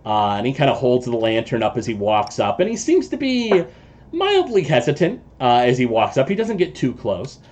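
Game master guy, lots of uhs, pitch swings all over. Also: wildly swooping pitch, darkish tone, lo-fi sound. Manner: halting, many filler sounds. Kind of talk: narrating a tabletop game.

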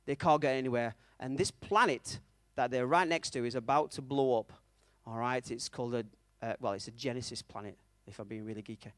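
A man's voice: medium pitch, a little fast, few pauses, a bit bright, no room sound. A man preaching a conversational sermon, telling a story and checking in with his audience, with a self-mocking manner.

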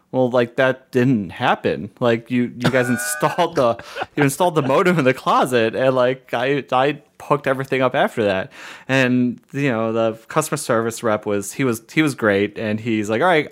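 Animated man retelling a story. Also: medium pitch. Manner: animated, acts out quoted dialogue, lots of "like" fillers, laughs between lines. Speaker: podcast co-host and streamer. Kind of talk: casual storytelling chat.

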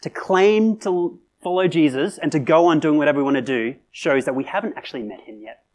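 A man's voice: on the high side, fairly quick, a little mellow. A man preaching a sermon in a conversational way, with fillers and restarts, building to emphatic peaks. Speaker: pastor.

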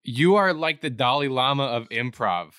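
A man's voice: mid-range voice, animated, moderate pace, bright, forceful tone, clear, resonant tone, no echo, studio quality. A man hosting an interview, speaking earnestly and admiringly, hedging his words. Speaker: podcast host. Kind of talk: interview chat.

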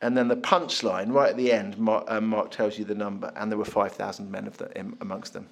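Chatty preacher. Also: male voice, lowish voice, a little fast, creaky. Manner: conversational, animated, chuckling storyteller. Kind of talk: sermon.

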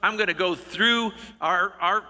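A middle-aged male pastor tells his story in a slightly raised, very bright voice. He speaks in a folksy, earnest way and stumbles and restarts often. His words ring out with the long reverb of a large hall. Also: high voice, unhurried. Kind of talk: storytelling sermon.

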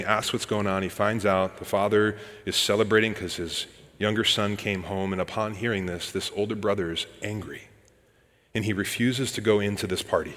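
A man's voice: lowish voice, fairly bright tone, big-room sound. A man preaching a sermon, reading scripture and retelling it in a casual, conversational storytelling manner. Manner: conversational storytelling, addresses listeners as "guys".

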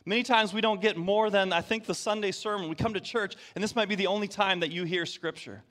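Energetic male preacher, higher pitch, playful sermon delivery. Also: quick pace. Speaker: pastor. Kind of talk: sermon with audience game.

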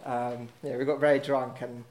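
A man's voice: medium pitch, level tone, moderate pace, a little mellow. A man telling a casual anecdote on stage, rambling with lots of fillers and poking fun at himself. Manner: rambling, filler-heavy, self-mocking. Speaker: storyteller at a live event.

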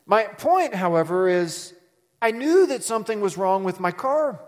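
A pastor preaches in a conversational, storytelling way, leaning hard on key words for drama. His voice sits a little high for a man. A long reverb trails after him through the hall. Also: sing-song, normal speed, darkish tone. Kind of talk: sermon.

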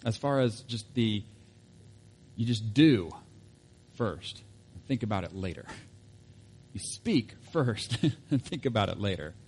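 A man's voice: fairly low pitch, lively intonation, slow pace, long pauses, a little mellow, husky. A man preaching a sermon in a casual, conversational way, with asides and self-corrections. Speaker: pastor.

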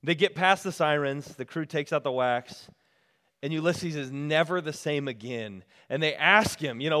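Casual male retreat speaker with a slightly high voice, telling stories to his audience in a reverberant hall. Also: normal speed, fairly bright tone. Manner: casual, storytelling, talks directly to the crowd. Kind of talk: sermon. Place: retreat meeting room.

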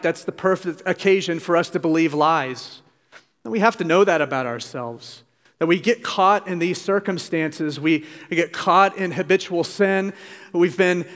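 A man's voice: a little high, fairly bright tone. A man preaching a sermon as pastor, earnest and pleading, with emphatic urgency. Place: church sanctuary. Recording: long reverb of a church hall.

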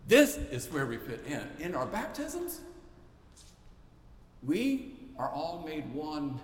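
A male pastor preaching a sermon with emphatic, repetitive rhetorical build-ups. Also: mid-range voice. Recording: echoey church hall, faint noise.

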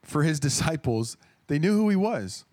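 A man's voice: fairly high pitch, very animated, moderate pace, darkish tone. A man in his thirties preaching a sermon in an earnest, conversational way, often restarting his phrases.

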